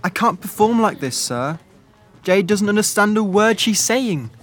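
A man's voice: high voice, lively intonation, unhurried, a bit bright, soft background music, exaggerated voice. A man playing Ross, an ambitious, self-important teenage schoolboy actor. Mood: frustrated.

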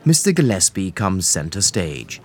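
A man narrating an audio drama in a measured, expressive way. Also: deep voice, soft background music. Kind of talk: scripted narration.

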